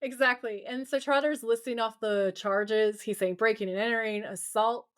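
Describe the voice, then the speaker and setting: A woman co-hosting a podcast, telling a TV episode as an animated story, acting out characters' lines and laughing often. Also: on the high side, normal speed. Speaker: podcast co-host. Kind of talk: casual recap chat.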